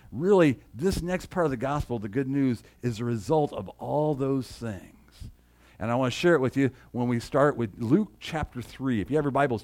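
A middle-aged male pastor preaching with lively swings in pitch and loudness. His voice sits a little high for a man. He quizzes the congregation and reads scripture out with rising fervor. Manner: animated preaching with call-and-response, reads scripture aloud. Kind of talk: sermon.

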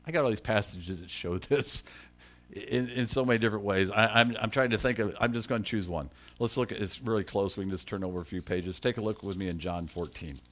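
A man preaching a sermon as pastor, animated, rising loud for emphasis and slowing down to stress key lines, with chatty asides to the congregation. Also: on the low side.

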